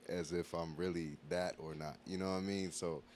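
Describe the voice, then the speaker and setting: A man's voice: deep voice, steady tone, normal speed, darkish tone, a little hiss or hum. A man appearing as a musician guest on a podcast, talking in an easygoing, reflective way and often asking "you know what I mean". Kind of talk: casual interview chat.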